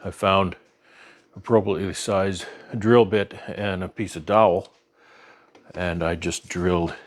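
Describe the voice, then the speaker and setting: A man's voice: deep voice, fairly even intonation, unhurried, slight background noise. A man with a Canadian accent hosting a beekeeping vlog, talking in an easygoing, rambling way with lots of fillers and restarts. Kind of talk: casual show-and-tell narration.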